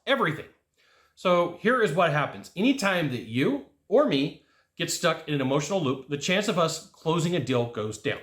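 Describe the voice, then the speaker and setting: Animated man coaching in an echoey room. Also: normal speed. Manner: animated, jokey, acts out quotes with pitch jumps. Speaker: sales coach. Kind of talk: motivational talk to camera.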